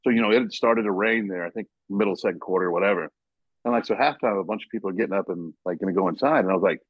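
Animated storytelling man, lively swooping pitch. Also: very fast, breathy edge, no room sound, highs cut off. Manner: animated storyteller, acts out quotes loudly. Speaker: podcast guest, basketball writer. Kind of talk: casual podcast chat.

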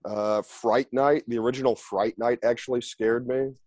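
A man's voice: mid-range voice, fairly even intonation, normal speed, a little mellow, no echo. A man in his forties, a podcast guest chatting casually over a remote call and joking in silly voices. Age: 40s. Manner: rambling, acts out silly voices for jokes. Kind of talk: casual chat.

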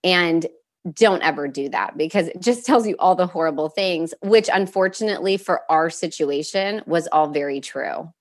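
Interview guest: a woman with a slightly low voice, candid and halting, full of fillers and restarts, emotion close to the surface. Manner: openly emotional, near tears at times. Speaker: podcast guest. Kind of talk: candid personal storytelling.

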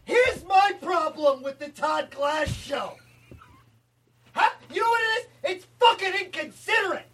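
Guy doing a screechy high furious roommate, yelling and cussing, sounds kinda far from the mic. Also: expressive, measured pace, exaggerated voice. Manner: shouting, swearing, theatrical outrage. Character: ranting male roommate, furious comedy fan. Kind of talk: comedy bit, acted rant. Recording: distant mic, faint noise.

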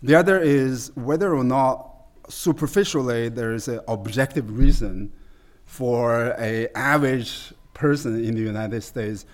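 Halting analytical man, lots of fillers. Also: mid-range voice. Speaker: guest expert on economics. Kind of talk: conversational interview answer.

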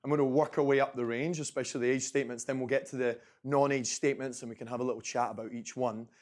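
A man's voice: mid-range voice, fairly even intonation, quick pace. A Scottish man in his twenties presenting a tasting to a live audience, chatty and repeating phrases for emphasis. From Scotland. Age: 20s. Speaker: brand ambassador presenting a tasting. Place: event room with a live audience.

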